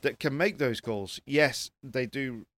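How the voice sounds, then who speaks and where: A man talking as a rally pundit on a casual panel, lively and quick to start over, mid-pitched. His voice sits in an ordinary range for a man. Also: no room sound. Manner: lively, stumbling restarts.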